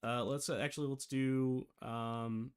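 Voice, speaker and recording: A man's voice: mid-range voice, fairly even intonation, a little slow, clean tone. Rambling man thinking aloud through a tutorial. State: hiccups. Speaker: game development tutor. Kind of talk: casual screen-share tutorial.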